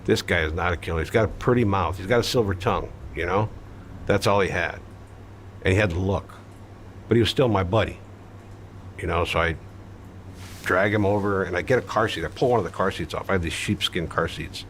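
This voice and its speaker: An interviewee looks back on his past with blunt, no-nonsense storytelling, full of fillers and offhand swearing. His deep voice moves briskly but with long pauses, and there is slight background noise.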